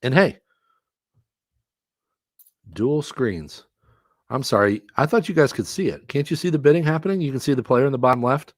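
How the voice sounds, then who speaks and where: A middle-aged man hosting a live stream, commentating a fantasy football auction, excitable and quick to laugh at himself. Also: medium pitch, no room sound, clean studio sound. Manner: excitable, self-mocking, laughs often.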